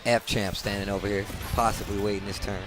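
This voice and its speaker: A man's voice: fairly low pitch, little pitch movement, brisk, a bit bright, faint music behind. A man co-commentating a live fighting game tournament, laid-back and teasing. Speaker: esports co-commentator.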